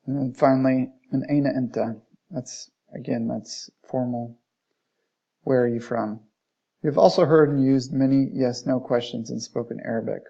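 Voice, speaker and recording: Gravelly, mellow male Arabic teacher. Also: mid-range voice, steady tone, moderate pace. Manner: reads passages aloud, then restates them plainly, modeling Arabic phrases. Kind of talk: explaining textbook lesson. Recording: dull lo-fi recording.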